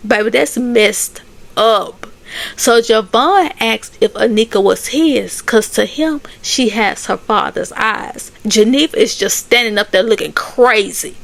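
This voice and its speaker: A woman's voice: on the high side, a little slow, vocal fry. A woman giving a sassy, chatty casual recap of TV episodes. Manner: sassy, chatty, laughs at the drama. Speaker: recap host.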